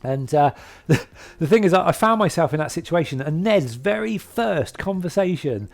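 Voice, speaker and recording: A man's voice: fairly high pitch, expressive, moderate pace, vocal fry, faint music behind. A man talking casually to camera, rambling and hesitant, with lots of fillers and restarts. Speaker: vlogger describing his hobby.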